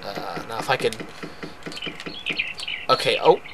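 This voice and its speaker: A man's voice: fairly low pitch, lively intonation, slow, heavy background noise. A tired man rambling through casual commentary on a farming game he is playing. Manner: rambling, self-deprecating, many restarts. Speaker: let's play host. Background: loud game music.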